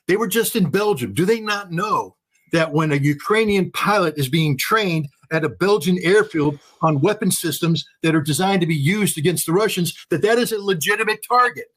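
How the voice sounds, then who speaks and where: An older man giving fast, emphatic political commentary as a guest, with lots of repetition. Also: high voice, a bit bright. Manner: emphatic, rapid, repetitive phrasing.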